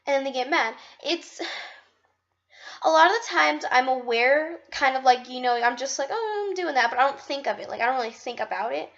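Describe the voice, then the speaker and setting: A woman's voice: high-pitched, moderate pace, a bit bright, lo-fi sound. A young woman in a casual vlog monologue, bubbly and rambling, poking fun at herself. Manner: bubbly, rambling, self-deprecating. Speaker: vlogger.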